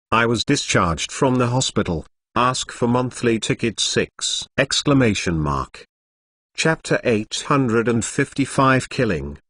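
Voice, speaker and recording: Synthetic male narrator with a lively, swooping pitch. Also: no echo. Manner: reads punctuation aloud, like "exclamation mark" and "dot dot dot". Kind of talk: machine-read novel narration.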